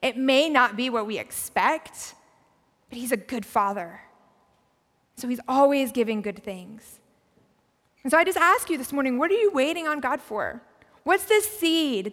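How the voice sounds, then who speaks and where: A woman preaches in an easy, conversational way, her high voice sometimes sinking soft and quiet as she reflects. The sound rings out with the long reverb of a large church hall. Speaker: pastor. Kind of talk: sermon.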